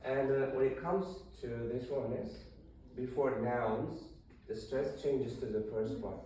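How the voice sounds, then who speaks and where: A man's voice: medium pitch, unhurried, dark tone, a little hiss or hum. A male English teacher leading a classroom lesson, explaining step by step with fillers and restarts. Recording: very echoey room, voice far from mic.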